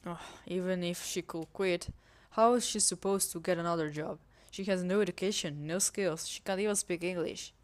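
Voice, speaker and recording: Woman reading as an earnest college boy in a game, plain delivery, voice on the low side. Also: normal speed, few pauses, natural voice. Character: young male college student, earnest and eager to help. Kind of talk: reading a visual novel game aloud.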